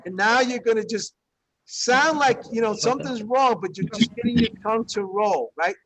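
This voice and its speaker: A man's voice: high-pitched, moderate pace, a bit bright, a little hiss or hum, rough recording. A man teaching a Spanish class, encouraging students and drilling pronunciation through repetition. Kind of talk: classroom language lesson.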